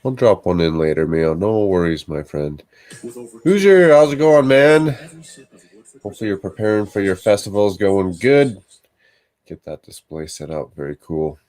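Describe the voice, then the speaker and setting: A man hosting a casual livestream, relaxed and chatty, reading viewer comments aloud and answering them. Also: low voice, normal speed. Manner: laid-back, reads viewer chat aloud. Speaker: livestream host.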